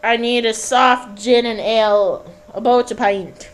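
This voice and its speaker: Woman playing a whiny, self-pitying young man who wanders the sidewalk in a homemade radio sketch. He speaks in a slow, high-ish voice, with a faint hum behind him. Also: fairly even intonation, lightly acted.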